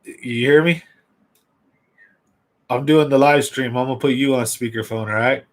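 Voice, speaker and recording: A man hosts a live fishing stream in an easygoing, rambling way. His voice sits at a middle pitch. He chats loosely and speaks straight to the people watching. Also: fairly even intonation, normal speed, poor audio. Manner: rambling, chatty, talks straight to viewers. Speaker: fishing livestream host. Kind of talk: casual livestream chat.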